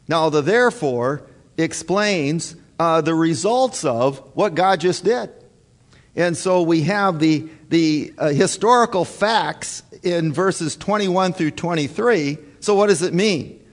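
Male pastor, slightly high voice, deliberate emphatic sermon delivery, hall reverb. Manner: slow, emphatic preaching with many fillers.

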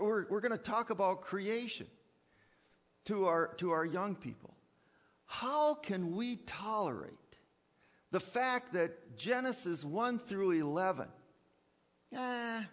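A man preaches with a voice that rises and falls widely, pushing hard on key words and stumbling over repeated starts. His sarcastic asides drop low before he climbs back up. The church hall gives his voice a long echo. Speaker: preacher and college teacher. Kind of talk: sermon.

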